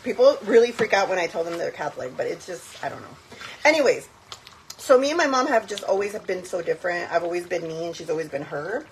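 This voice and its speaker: A woman's voice: on the low side, vocal fry, a little hiss or hum, low-quality recording. A young woman hosting a casual cooking vlog from her home kitchen, chatting freely and dropping in phrases. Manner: chatty, switches into Spanish phrases, frequent fillers. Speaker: cooking vlogger. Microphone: phone on a tripod.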